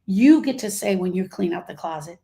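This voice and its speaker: A woman's voice: lowish voice, expressive, brisk, breathy edge. A woman hosting a live grief coaching talk, emphatic and full of rhetorical questions, reading out comments from her audience. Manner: reads out audience comments warmly. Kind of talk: motivational livestream talk.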